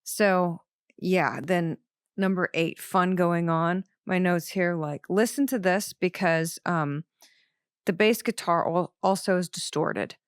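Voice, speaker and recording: Woman, podcast host, lowish pitch, dry close sound, chatty, enthusiastic. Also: takes it slowly, clear, resonant tone, no echo. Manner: enthusiastic, chatty, many fillers. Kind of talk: casual album commentary.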